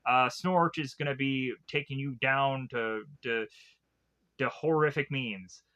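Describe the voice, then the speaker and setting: A man's voice: medium pitch, slow pace, sharp tone. A man quoting a stern male monster teacher with a scolding, menacing manner, in his own voice. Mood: threatening.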